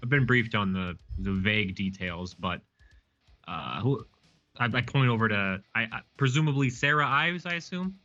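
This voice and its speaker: A man's voice: fairly low pitch, animated, normal speed, bright, forceful tone, dull audio, faint music behind. A man playing a sergeant in a tabletop game, speaking dry, blunt and sarcastic. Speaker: player. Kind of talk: in-character tabletop role-play.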